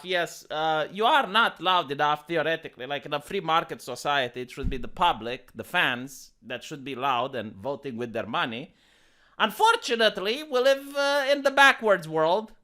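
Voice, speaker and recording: A man's voice: sits high, pushed and bright, clean tone. A man ranting in a sarcastic, mocking commentary vlog. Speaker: commentary vlogger.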